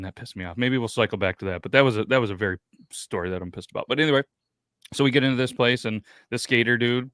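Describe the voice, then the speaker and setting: A man's voice: mid-range voice, fairly bright tone, dry recording, studio quality. Profane rambling man in his thirties. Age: 30s. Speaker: podcast host. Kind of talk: casual podcast chat.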